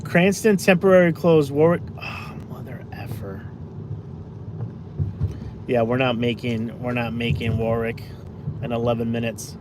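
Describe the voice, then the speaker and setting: A man's voice: mid-range voice, measured pace, long pauses. A man in his forties chatting casually on a live stream from his car, rambling through stories with lots of fillers and restarts and reading out viewer comments, recorded on a phone. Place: in a car, driving around town. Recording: car and street noise behind.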